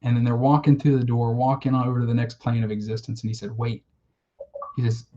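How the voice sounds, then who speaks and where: A man on a casual podcast recounts a story with heartfelt enthusiasm, swearing now and then. His voice sits at an ordinary pitch. The recording sounds slightly dull and lo-fi. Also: level tone, fast talker, dark tone. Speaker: podcast co-host. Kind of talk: casual chat.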